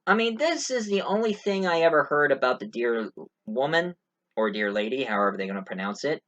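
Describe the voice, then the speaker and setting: A man's voice: medium pitch, expressive, moderate pace, a bit bright, rough recording. Rambling, joking man reviewing a movie. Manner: rambling, many fillers, joking asides. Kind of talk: casual spoken movie review.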